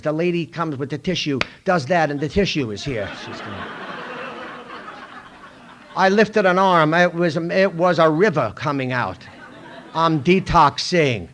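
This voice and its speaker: High-voiced man telling a story to a room. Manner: animated storyteller acting out other people's lines. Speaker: recovery meeting speaker. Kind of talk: storytelling talk to a live audience. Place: meeting room in a school.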